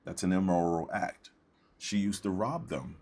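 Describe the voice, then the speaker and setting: A man's voice: sits low, moderate pace, mellow, a little hiss or hum. A man giving casual, lecturing commentary on a debate clip, often asking "right?" between points. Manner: lecturing, preachy, repeats "right?".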